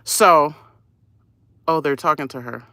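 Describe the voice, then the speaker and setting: A woman live-streaming from a laundromat on her phone, giving a nosy, gossipy running commentary and often dropping to a hushed voice. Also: deep voice, takes it slowly, dry recording. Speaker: vlogger.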